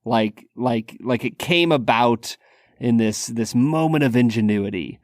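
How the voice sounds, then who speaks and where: A man co-hosting a podcast, telling stories in a relaxed casual way. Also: mid-range voice, unhurried, dry recording, clean studio sound. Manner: relaxed storyteller, many "like" fillers. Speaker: podcast co-host.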